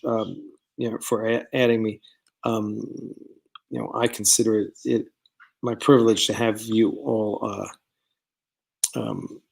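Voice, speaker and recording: A man hosts a casual live stream from a studio set. He rambles between topics with plenty of ums and uhs, reading out viewer comments and answering them as he goes. His voice sits at an ordinary middle pitch. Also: gravelly. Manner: rambling, many fillers, reads viewer comments aloud. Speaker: producer hosting a live stream. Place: studio set of a starship bridge.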